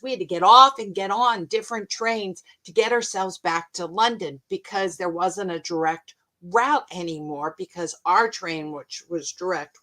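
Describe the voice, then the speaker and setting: An American woman hosting a mindfulness show, telling travel stories in a lively, chatty way. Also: medium pitch. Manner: animated, chatty, expressive. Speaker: host and mindfulness coach. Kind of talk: casual storytelling to camera.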